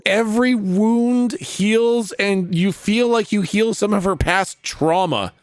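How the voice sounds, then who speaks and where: A man running a tabletop game as game master over a voice call, narrating casually with many pauses and fillers and laughing often. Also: high voice, no echo, clean studio sound. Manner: relaxed narration with many ums, laughs easily.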